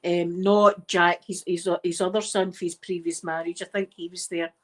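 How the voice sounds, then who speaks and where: Casting note: middle-aged Scottish woman, soft chatty ASMR host, meandering storyteller. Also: lowish voice, level tone, normal speed. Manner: chatty and rambling, with frequent wee and laughter. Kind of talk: soft-spoken casual chat.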